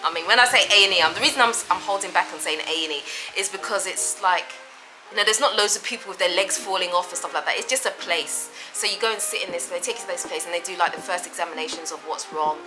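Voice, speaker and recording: A woman's voice: lowish voice, fast, music in the background, poor audio. Rambling, emphatic woman vlogger. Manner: rambling, emphatic, repeats herself. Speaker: vlogger and mother. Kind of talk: casual talk to camera.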